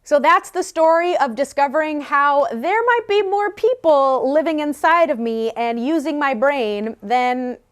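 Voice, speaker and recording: A woman's voice: sits high, measured pace, hardly any pauses. A young woman vlogger telling a personal story candidly, with self-mocking humor.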